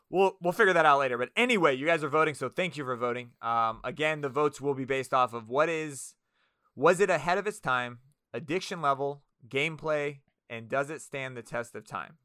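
A man hosting a casual podcast, energetic, crude and rambling. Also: medium pitch, a little fast, clear, resonant tone, no echo, clean studio sound. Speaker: podcast host.

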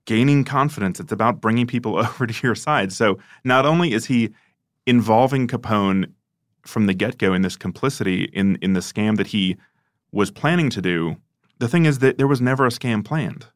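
A man's voice: fairly low pitch, normal speed, dry recording, studio quality. A man co-hosting a casual history chat, who laughs often while he tells the story. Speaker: podcast co-host.

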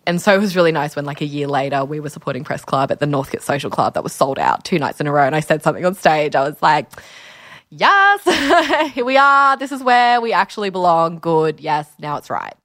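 A young Australian woman in her twenties, a musician being interviewed, telling stories in a chatty, lively way full of acted-out quotes. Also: low voice, fast talker, hardly any pauses, dry recording. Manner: chatty, animated storytelling with lots of "like" and acted-out quotes. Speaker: musician guest. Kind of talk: candid casual interview.

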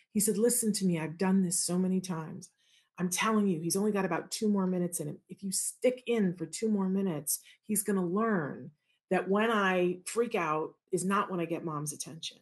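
A woman, a parent of an autistic child, telling a personal story and acting out the dialogue in a lively way. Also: medium pitch, moderate pace. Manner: animated, acts out quoted dialogue.

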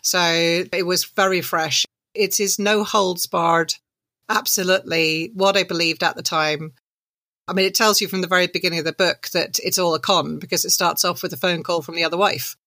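A woman, an author telling her story as an interview guest, animated and laughing through her anecdotes. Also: on the low side, moderate pace, dry recording. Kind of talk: conversational storytelling.

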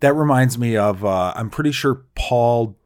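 A man's voice: medium pitch, moderate pace, clean tone, no room sound. A man in a casual movie review chat, asking dry, teasing questions.

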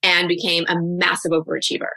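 A woman in her forties, a guest coach, opens up in a podcast interview, reflective and candid with quick asides. Her bright voice sits somewhat low, though her delivery is completely flat. She is recorded dry and close on the mic.

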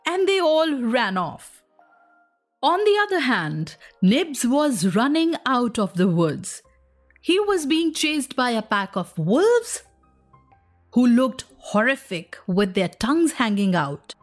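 A woman reads a children's story aloud in a high, lilting voice that swoops expressively. She takes her time, and soft music plays underneath. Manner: expressive, animated reading. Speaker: narrator. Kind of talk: storybook narration. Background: faint music.

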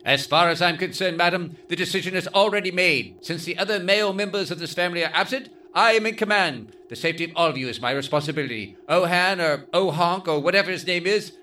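A man's voice: sits high, fast, few pauses, pushed and bright, a little hiss or hum, voice pushed up. A man voicing a pompous, self-important male doctor stranded in space, declaiming grandly.

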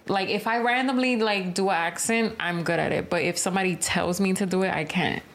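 A young woman chatting casually, asking quick, teasing questions. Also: lowish voice. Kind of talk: casual chat.

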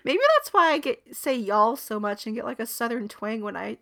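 This young woman co-hosting a podcast speaks at a normal speed in a slightly high voice with vocal fry. She's chatty and animated, rambling along and giggling often.

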